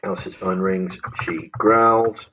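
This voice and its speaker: A man's voice: deep voice, fairly even intonation, takes it slowly, sharp tone, rough recording. A man, casually talking through a script example as a teacher. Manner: casual, thinking aloud with restarts. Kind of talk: explaining a script.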